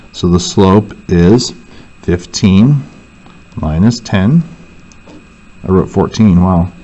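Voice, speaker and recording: Male teacher, lowish voice, talks through math steps aloud, muffled lo-fi screen recording. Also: darkish tone. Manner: thinks aloud, self-correcting. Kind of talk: worksheet walkthrough lesson.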